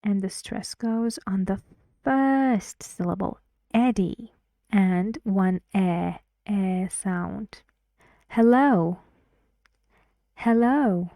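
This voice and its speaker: A woman teaches English pronunciation at a very slow, careful pace. Her voice is mellow and soft-edged, and she repeats each word clearly for her learners. The sound is dry and close. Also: mid-range voice, no echo. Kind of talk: slow pronunciation lesson with drills.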